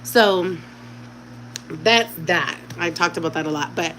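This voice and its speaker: A woman's voice: on the low side, takes it slowly, sharp tone, a little hiss or hum, poor audio. A woman in her thirties, a mother talking casually at home to her channel's viewers, chatty and direct with them. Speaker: vlogger. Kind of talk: casual chat to camera.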